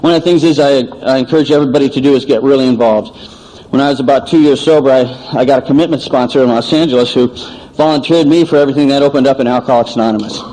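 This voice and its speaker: A man giving an animated recovery meeting share, acting out dialogue as he tells stories, on an old cassette tape recording. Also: mid-range voice, very fast, poor audio. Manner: animated storytelling, acts out dialogue. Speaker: AA speaker.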